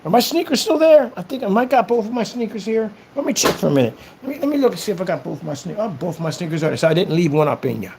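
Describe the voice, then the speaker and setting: A man's voice: high-pitched, expressive, fast talker, vocal fry, few pauses, darkish tone, a little hiss or hum. A young man in a casual, boastful monologue, taunting his critics. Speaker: vlogger. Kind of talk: casual trash-talk monologue.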